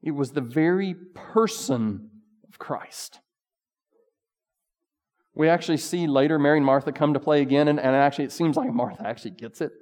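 A man's voice: fairly high pitch, normal speed, long pauses, darkish tone. Man preaching casually in a big hall. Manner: casual, conversational preaching with bursts of emphasis. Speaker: pastor. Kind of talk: sermon.

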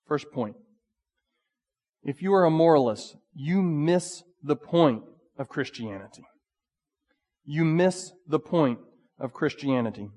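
A man preaching a sermon in a conversational, animated way. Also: a little high. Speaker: pastor. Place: church sanctuary. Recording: long reverb of a church hall.

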